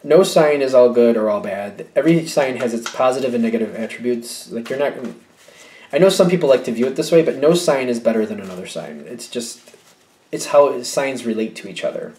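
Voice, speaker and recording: A man reads tarot cards in a loose, musing way. He thinks out loud, backtracks and corrects himself. His middle-pitched voice echoes in a roomy space. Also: expressive, fairly quick. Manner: musing, hesitant, self-correcting, with light laughs. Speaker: tarot reader. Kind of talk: casual tarot reading. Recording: echoey room.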